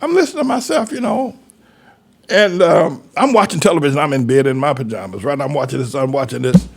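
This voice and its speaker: A man's voice: a little high, expressive, a little fast, creaky, breathy edge. A man, a pastor, rambling through a folksy commentary monologue with chuckling asides.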